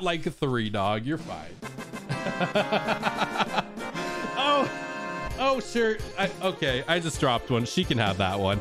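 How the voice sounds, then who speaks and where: A man's voice: on the high side, huge pitch swings, slow pace, music in the background. A man casually chatting on his live stream while playfully coaxing his dogs through a treat trick, laughing often.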